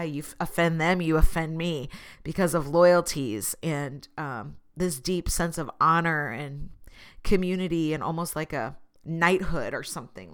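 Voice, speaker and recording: A woman's voice: deep voice, a bit bright, clean tone. A woman talking through her thoughts in a casual, earnest vlog monologue, laughing at herself now and then. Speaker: vlogger.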